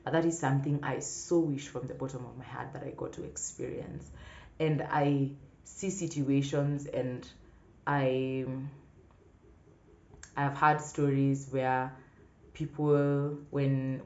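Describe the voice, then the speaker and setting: A woman's voice: extremely low pitch, flat delivery, unhurried, dark tone. A woman talking earnestly and reflectively to her viewers in a personal vlog. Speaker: vlogger. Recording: echoey room, slightly dull sound.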